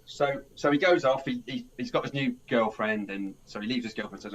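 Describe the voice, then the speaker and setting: A man's voice: lowish voice, quick pace, muffled recording, slight background noise. A man hosting a film podcast, telling a plot in a rambling casual way, with many restarts and acted-out lines. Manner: rambling, restarts a lot, acts out characters' lines. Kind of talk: casual film review chat.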